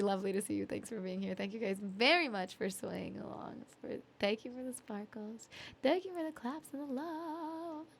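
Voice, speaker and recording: A woman's voice: a little high, creaky, a little hiss or hum. Giggly, sleepy woman chatting on stream. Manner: chatty, giggly, reads chat aloud. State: sleepy, yawning. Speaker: music streamer. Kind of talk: casual live-stream chat between songs.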